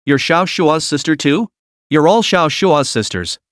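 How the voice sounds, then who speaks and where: A man's voice: a little high, animated, measured pace, fairly bright tone, dry recording, clean studio sound. A man voicing a frantic, tearful young sister. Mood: desperate. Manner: screaming, pleading, trembling. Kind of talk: storybook recap reading.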